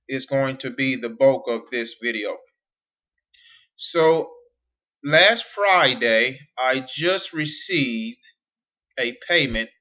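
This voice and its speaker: A man's voice: medium pitch, pushed and bright, dull audio. A man coaching on online business at a whiteboard, repeating key points and asking rhetorical questions. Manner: repetitive, emphatic, asks rhetorical questions. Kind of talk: whiteboard teaching monologue.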